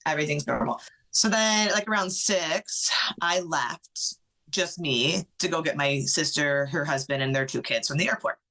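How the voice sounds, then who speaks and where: A middle-aged woman, a podcast guest, tells a personal story in an animated way, acting out what others said, with many "like" fillers. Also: deep voice, moderate pace.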